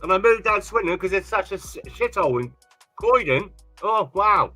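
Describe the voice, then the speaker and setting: A man in middle age talks to his live stream viewers in a bright, slightly high voice. He chats loosely and teases his guests. Faint music plays behind him. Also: lively intonation, moderate pace, husky. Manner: chatty, teasing, laughs often. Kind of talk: casual live stream chat.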